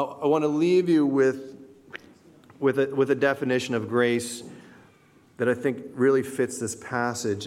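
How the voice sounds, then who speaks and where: Conversational man preaching in a reverberant hall. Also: mid-range voice. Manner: conversational, animated, acts out inner voices. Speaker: pastor. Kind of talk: sermon.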